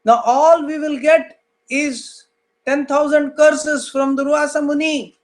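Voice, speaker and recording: A man's voice: extremely high pitch, little pitch movement, pitched above the performer's own voice. A man voicing a desperate woman crying out. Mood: despairing. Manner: raised pleading cries, slow and drawn out. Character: desperate young woman pleading in tears.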